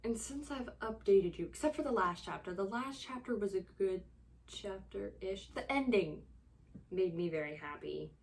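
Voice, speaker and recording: A woman's voice: medium pitch, animated, normal speed, darkish tone, slight background noise. A young woman chatting casually in a reading vlog. She talks in an exasperated, rambling way, full of fillers and dramatic sighs. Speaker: book vlogger.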